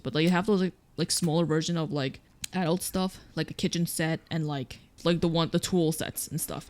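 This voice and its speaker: A let's play streamer offers casual commentary on a painting game, rambling and mumbling without much energy and leaning constantly on "like." Their voice has a darkish tone.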